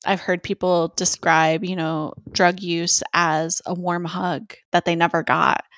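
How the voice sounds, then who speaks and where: A woman's voice: fairly low pitch, little pitch movement, measured pace, a bit bright, no echo. A woman co-hosting a podcast, telling personal stories in an open, chatty way. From Georgia, US. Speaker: podcast co-host. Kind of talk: casual podcast conversation.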